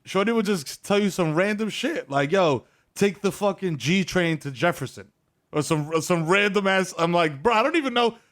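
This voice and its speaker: A man's voice: high-pitched, fairly bright tone. A man in his thirties with a New York accent, a podcast co-host riffing and joking in casual banter. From the Bronx, New York. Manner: quick riffing, laughs often.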